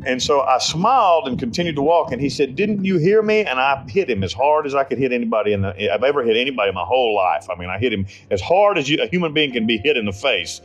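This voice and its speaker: A man's voice: mid-range voice, expressive, fast talker, few pauses, a bit bright, muffled recording. An American man telling his life story in an interview, with blunt, rambling speech, profanity and frequent restarts. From United States. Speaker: interview subject.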